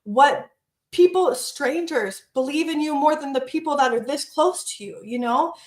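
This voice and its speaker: An animated woman co-hosting a podcast, her voice sitting a little high. She tells a personal story in casual chat, acts out what people said and swears freely. The room around her echoes. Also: moderate pace. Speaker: podcast co-host.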